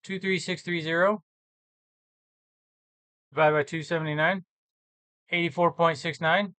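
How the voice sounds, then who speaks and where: In this casual screen-share, a man narrates his reselling sales numbers, musing aloud and self-correcting. His voice sits on the high side, pushed, bright and smooth, with fairly even intonation and an unhurried pace, and the recording has no room sound.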